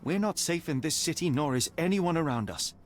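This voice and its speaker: A man's voice: on the high side, lively intonation, a little fast, slight background noise, lightly acted. An actor playing Sherlock Holmes, a grave, formal male detective, in a video game. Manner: urgent, formal and earnest.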